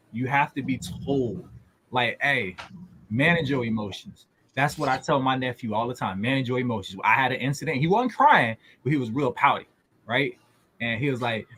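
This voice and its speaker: A man's voice: mid-range voice, a bit bright, a little hiss or hum. A man co-hosting a casual family talk show, telling stories animatedly and acting out both sides of a conversation. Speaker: podcast co-host. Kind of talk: casual chat.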